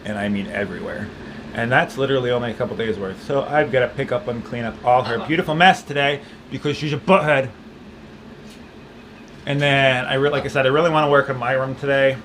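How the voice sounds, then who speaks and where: Walking through his home with a gimbal-mounted handheld camera, an American man in his thirties gives a rambling vlog update, restarting often and addressing his pet. He speaks briskly in a mid-range voice against a noisy background.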